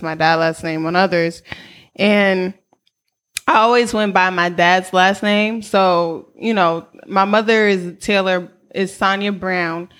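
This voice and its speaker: A woman's voice: fairly low pitch, a bit bright. A woman in her thirties with a New York accent, telling her story as a guest in a casual interview, candid and slangy, laughing often.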